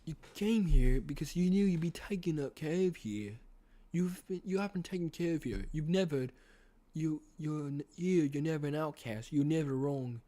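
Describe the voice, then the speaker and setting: A man voicing a sinister, soothing older male villain in a put-on British accent. He talks in a coaxing, drawn-out way, reading a horror novel aloud. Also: a little high, dark tone, close to an everyday voice. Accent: attempted British. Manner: coaxing, drawn-out, repeats the boy's name.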